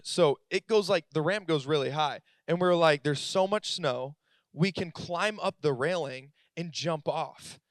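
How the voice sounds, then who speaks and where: A man's voice: a little high, a bit bright, smooth, dry recording. A young adult man, a pastor, telling a personal story in a casual, filler-heavy sermon. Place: church auditorium.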